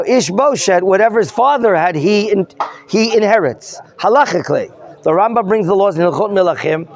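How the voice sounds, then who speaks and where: A man with a high voice leads a Bible class in a study hall. He explains each term and keeps turning to his students with questions. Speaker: rabbi teaching a class.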